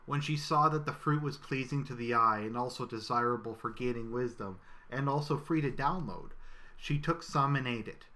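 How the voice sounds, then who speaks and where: A man giving a scripted satirical reading in a solemn, mock-biblical cadence with deadpan asides. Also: mid-range voice, moderate pace. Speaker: satirical reader.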